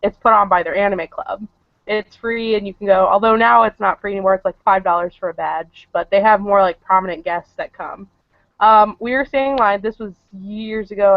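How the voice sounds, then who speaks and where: A man's voice: high voice, no echo. A man appearing as a guest on a casual stream chat and telling rambling anecdotes. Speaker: guest cosplayer. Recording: dull lo-fi stream audio.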